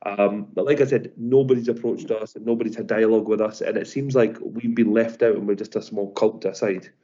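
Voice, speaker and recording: A man who owns property, speaking as an objector at a formal meeting in an earnest, halting way. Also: on the low side, steady tone, dark tone. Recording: dull lo-fi audio.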